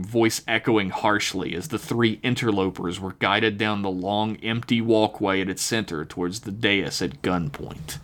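A man reading his own written story aloud on a podcast, relaxed, slowing down on the eerie details. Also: on the low side.

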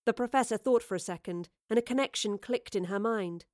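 A woman's voice: fairly high pitch, fairly quick, darkish tone, no echo, clean studio sound. Woman narrating a fantasy audiobook. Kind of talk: scripted narration.

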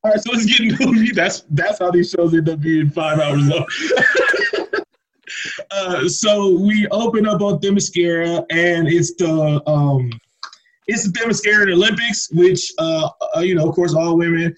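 A man with a somewhat high voice co-hosts a podcast, walking through a movie scene by scene. His talk is loose and full of slang, fillers and laughter. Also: normal speed, rough recording. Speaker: podcast co-host. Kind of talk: casual movie recap chat.

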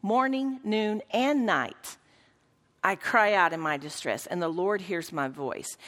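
A woman's voice: mid-range voice, takes it slowly, a bit bright. Earnest woman teaching in a reverberant room. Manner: earnest, questioning the group, reads quotes aloud. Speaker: Bible study teacher. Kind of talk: Bible lesson teaching with read-aloud quotes. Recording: long reverb of a large room.

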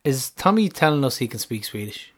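A man's voice: medium pitch, big pitch swings, brisk. A man co-hosting a casual football fan podcast, jokey and laughing often, swearing casually. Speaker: podcast co-host.

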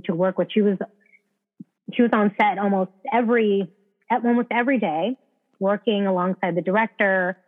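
A woman telling a story as an actress guest in a casual conversation, animated, acting out the voices of people she quotes and restarting her sentences often. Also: mid-range voice. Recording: tinny phone-like line.

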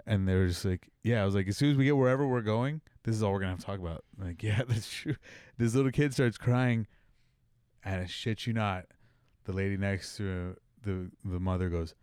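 Man, low voice, dry close sound, relaxed swearing storyteller. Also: fairly quick, smooth, no echo. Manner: laid-back, swearing, laughing storyteller. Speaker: podcast guest. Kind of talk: casual storytelling.

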